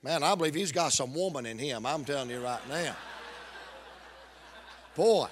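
A male preacher, delivering a revival sermon with emphatic, drawn-out repetition and joking asides. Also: on the high side, lively intonation, slight background noise.

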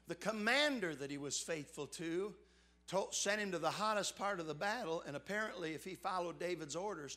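High, bright-voiced preacher. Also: male voice. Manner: swings between fervent preaching and hushed, earnest passages. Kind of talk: sermon.

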